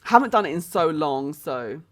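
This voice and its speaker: A woman's voice: sits low, very animated, moderate pace. A British woman streaming a life-sim game, chatting casually, thinking aloud and greeting viewers in her chat. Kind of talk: casual gameplay commentary.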